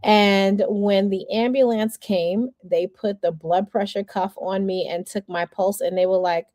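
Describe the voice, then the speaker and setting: A woman's voice: medium pitch, steady tone, measured pace, darkish tone, no room sound, studio quality. A woman in her forties, a communications coach, teaching a masterclass and telling a candid personal story while acting out the people she quotes. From New York area.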